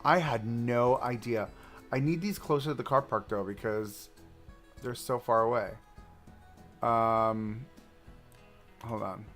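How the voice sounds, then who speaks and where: A man live-streaming a park-building game, chatting and thinking aloud as he browses and places items, swinging between excited outbursts and low mutters. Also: takes it slowly, pauses often, soft background music. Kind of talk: casual live-stream commentary while building.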